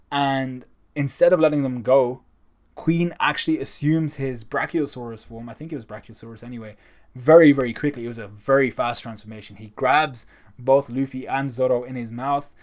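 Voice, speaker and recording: A man's voice: medium pitch, brisk, darkish tone. A man giving a casual, enthusiastic spoken review of a comic chapter, talking conversationally. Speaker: manga reviewer.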